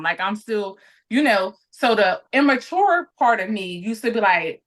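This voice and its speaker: A woman's voice: mid-range voice, normal speed, fairly bright tone. Woman, late thirties, podcast guest, earnest, reflective, conversational. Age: 30s.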